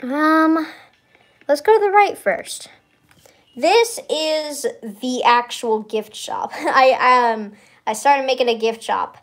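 A woman's voice: high voice, takes it slowly. A young woman streamer giving a casual, rambling tour of a building in a game, giggling often and stalling on many fillers.

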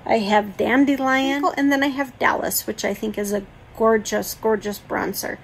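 Woman beauty vlogger, slightly high voice with a gravelly edge, unhurried chatty delivery, faint room noise. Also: steady tone, poor audio. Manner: chatty, gushing over products. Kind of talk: casual makeup collection walkthrough.

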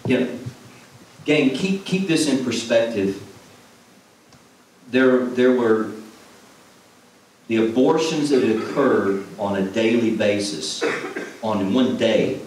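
A man's voice: lowish voice, lively intonation, takes it slowly, pauses often, darkish tone. A man preaching a sermon as a former pastor, earnest and repeating phrases for emphasis. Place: church sanctuary. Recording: echoey hall, from far off, faint noise.

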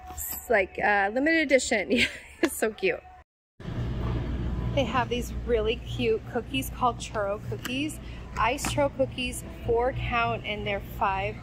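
A woman's voice: on the high side, poor audio. A woman chatting eagerly to viewers as she walks through a large warehouse store, filming on a handheld phone. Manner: gushing, chatty, addresses viewers as "you guys". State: out of breath. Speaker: vlogger. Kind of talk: store walk-through vlog.

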